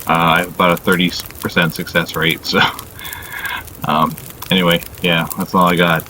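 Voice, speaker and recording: Male vlogger: deep voice, worn-out and halting, curses freely, steady background hiss. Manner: halting, heavy on "you know" fillers, frequent swearing; weary and subdued. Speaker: channel host. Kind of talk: casual confessional vlog monologue.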